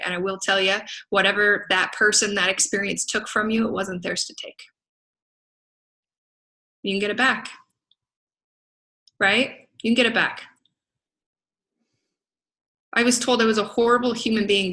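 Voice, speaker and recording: A woman's voice: mid-range voice, pushed and bright, rough recording. A middle-aged woman, a business coach, giving an emphatic motivational talk to a group, laughing often and asking "right?". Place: event venue in Las Vegas.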